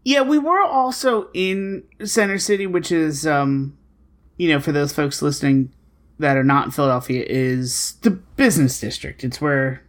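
A woman co-hosts a casual podcast and recounts an everyday story with lots of energy. She talks in an exasperated way and swears freely. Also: sits low. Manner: animated, profane, exasperated. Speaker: podcast co-host.

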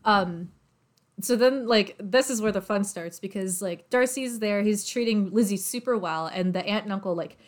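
A young woman in casual chat, retelling a novel's plot with lots of fillers and quick voiced asides for the characters. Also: mid-range voice. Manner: chatty, filler-heavy, acts out characters' lines.

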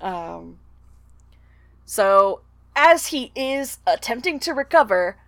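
A woman with a fairly high voice co-hosts a casual book podcast. She talks bluntly and swears freely. The sound is dry and close, with no room echo. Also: very animated, slow, fairly bright tone. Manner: blunt, swears freely, reads passages aloud. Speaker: podcast co-host.

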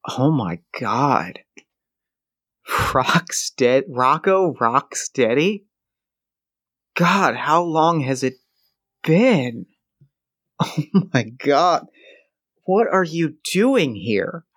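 A man's voice: expressive, normal speed, fairly bright tone. A man voicing an aging, worn-down ex-wrestler who stammers and sounds flustered and bewildered. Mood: surprised. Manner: stammering, flustered, higher than his own voice.

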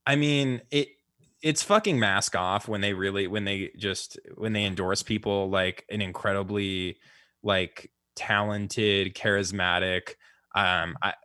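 Low-pitched guy chatting politics on a podcast, lots of likes and ums, dry close sound. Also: sharp tone, no echo. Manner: rambling, many fillers and restarts. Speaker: podcast co-host. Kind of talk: casual political chat.

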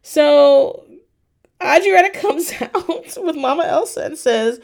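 Lively, laughing woman recapping. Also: high-pitched, slow, gravelly. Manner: animated, laughs often, swears freely. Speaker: podcast host recapping reality TV. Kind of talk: casual recap chat.

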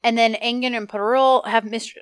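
A woman's voice: on the high side, normal speed, clear, resonant tone, no room sound, studio quality. A woman co-hosting a casual podcast, recapping episodes in a chatty way and acting out lines from scenes. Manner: chatty, animated retelling with quoted lines. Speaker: podcast co-host.

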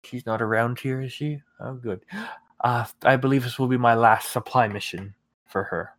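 A man voicing a weary, polite male ship captain who opens lines with a drawn-out "ah.". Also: medium pitch, fairly bright tone, no room sound, natural voice. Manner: drawn-out sighing "ah" openings.

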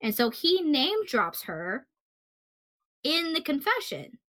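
Bright-voiced woman, heated true crime chat. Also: high voice, very animated, slow pace. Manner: heated and outspoken, swears, rambles with fillers. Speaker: podcast co-host telling a true crime story.

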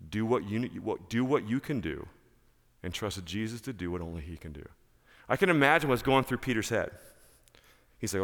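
A male pastor preaching a sermon in church, emphatic and animated, repeating key phrases. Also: on the low side, normal speed, in a large hall.

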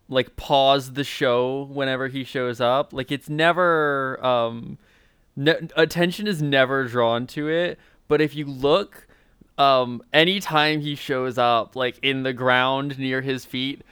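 A man's voice: mid-range voice, a bit bright, clean tone, no room sound, clean studio sound. A man co-hosting a podcast in casual comedic chat, teasing his partner with crude jokes. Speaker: podcast co-host.

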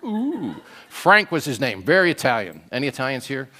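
An older man preaching a sermon in an animated storytelling way, often checking in with "right?". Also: mid-range voice, fast. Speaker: pastor.

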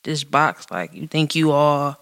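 A woman co-hosting a casual podcast chat, talking in an animated way with laughter and lots of fillers. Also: low voice, a little slow. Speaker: podcast co-host.

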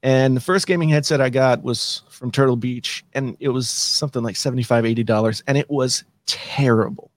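A man's voice: mid-range voice, a little fast, few pauses. A man guesting on a podcast, easygoing and telling his story, repeating words as he thinks. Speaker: podcast guest, YouTube creator. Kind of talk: casual chat.

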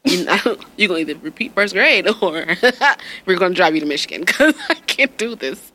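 A woman in her thirties chatting casually, telling parenting stories with big acted-out quotes, swearing freely, and laughing often. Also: moderate pace. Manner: animated storyteller, acts out quotes with big pitch jumps, swears freely. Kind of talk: casual chat.

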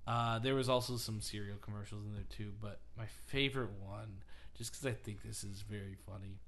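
Male podcast host, casual and comedic; bright, clear tone; lively storyteller who slips into voices. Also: on the low side, fairly quick. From St. Louis, USA. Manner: animated storyteller, acts out quoted lines, laughs often.

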